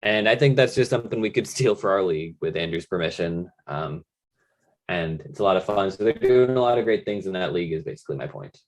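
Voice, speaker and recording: A young man with a very low voice chats about his league in relaxed podcast talk. He often hesitates with "uh" and "um" as he hunts for the right word. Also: fast talker. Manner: hesitant, searches for words. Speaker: podcast co-host. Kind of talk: casual fantasy league chat.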